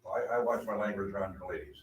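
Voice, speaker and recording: A man's voice: fairly low pitch, fairly even intonation, fast. A man in his eighties chatting in a gym, telling rambling stories with lots of restarts. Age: 80s. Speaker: guest. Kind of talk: casual chat, storytelling. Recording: roomy, distant from the mic.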